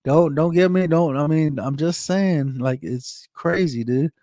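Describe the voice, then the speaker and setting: A man's voice: on the high side, measured pace, dark tone, dry recording, studio quality. A man from the United States ranting casually on a live stream, reading chat and repeating himself, often adding "man" and "dude". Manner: rambling, repeats phrases, says man and dude.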